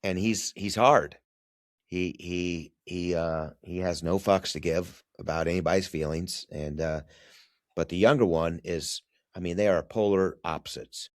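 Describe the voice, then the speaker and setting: A man's voice: deep voice, steady tone, unhurried, no room sound, studio quality. A middle-aged man, a former military navigator, telling a family story as a podcast guest, blunt and profane and acting out the dialogue. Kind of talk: casual storytelling conversation.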